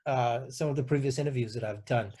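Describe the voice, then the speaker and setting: A man hosting a casual interview chat, talking hesitantly and softly with many restarts. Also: mid-range voice, quick pace, breathy edge. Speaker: podcast host.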